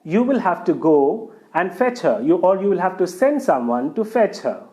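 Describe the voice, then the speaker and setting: A man's voice: high-pitched, big pitch swings, moderate pace, warm tone. A man voicing a cunning man who schemes and persuades in a folk tale. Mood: persuasive. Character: cunning man plotting a trick.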